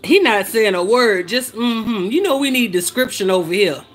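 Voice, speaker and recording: A woman's voice: fairly high pitch, normal speed, soft background music. A woman hosting a cooking livestream in casual, teasing chat, reading out viewer comments as she goes. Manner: lively, teasing, reads viewer comments aloud. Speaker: cooking show host.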